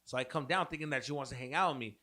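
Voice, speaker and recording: Profane, animated young man telling a story. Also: medium pitch, rapid-fire. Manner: profane, animated storyteller, mixes in Spanish slang. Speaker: podcast co-host. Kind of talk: casual storytelling chat.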